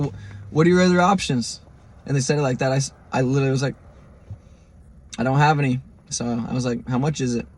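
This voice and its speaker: A young man hosting a podcast, telling a story in an animated, profane way and mimicking the people in it. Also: medium pitch, vocal fry, a little hiss or hum. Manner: animated, profane, mimics others in quoted lines. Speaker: podcast host. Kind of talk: storytelling monologue.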